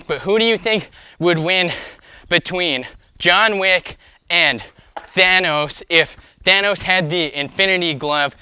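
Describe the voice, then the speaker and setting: A young man chats through his skateboarding livestream with a bright, tense voice pitched a little high. He rambles, full of fillers, upbeat and a bit out of breath. The sound is dry and close. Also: clear, resonant tone, no room sound. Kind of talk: casual livestream chat while skateboarding. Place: outdoors skating.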